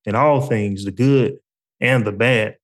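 A man voicing God in a story he reads aloud, with an even, gentle reading voice. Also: mid-range voice, slow pace. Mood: calm. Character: calm patient God, male, explaining.

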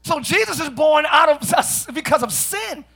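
A middle-aged male pastor preaching a sermon in a church, often shouting, with playful asides to the congregation. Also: very high-pitched, animated, measured pace, creaky. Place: church sanctuary.

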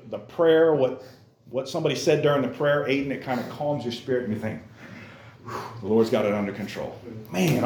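A man preaching a casual, animated sermon in church, acting out characters in exaggerated voices and using youthful slang. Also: mid-range voice, echoey room, slight background noise. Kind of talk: lively sermon.

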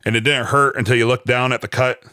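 A man's voice: mid-range voice, steady tone, fast, sharp tone, clear, resonant tone, no room sound, clean studio sound. Casual, profane man recapping a show. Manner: loose and profane, lots of fillers. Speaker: podcast co-host. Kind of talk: casual chat recapping a TV episode.

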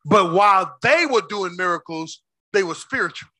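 A male pastor preaching a sermon with call-and-response, swinging between shouts and low asides. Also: animated, moderate pace, no echo.

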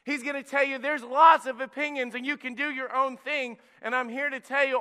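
Man, high bright voice, energetic kids' sermon, echoey hall. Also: clear, resonant tone. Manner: energetic, preachy, drops to a hush for emphasis. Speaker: pastor. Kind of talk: children's sermon.

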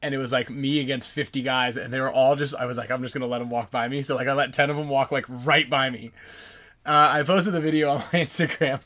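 A man hosting a podcast, telling a lively story in casual chat and acting out the people in it. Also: medium pitch, fairly quick. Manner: animated storyteller, acts out voices, frequent laughs. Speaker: podcast host.

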